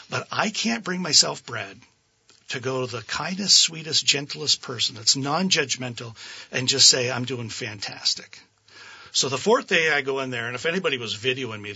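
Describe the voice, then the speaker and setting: A man being interviewed as a guest, telling a story in an animated way, laughing often and acting out what people said. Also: mid-range voice, breathy edge.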